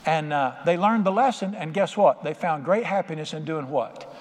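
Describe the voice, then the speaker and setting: In a church sanctuary, an older pastor preaches a sermon in a folksy, conversational way, voicing quotes in plain tones. His voice runs on the high side at normal speed, and the reverberant hall carries faint ambience.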